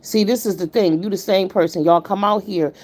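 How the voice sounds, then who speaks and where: A woman's voice: mid-range voice, a little fast, a little mellow. A woman hosting a live stream, giving blunt, emphatic and profane commentary while greeting her viewers. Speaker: livestream commentator.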